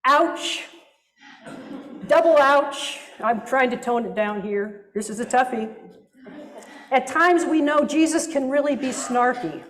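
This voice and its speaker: Woman pastor, sermon; higher voice, very slow and deliberate, reflective with wry asides; echoing church hall.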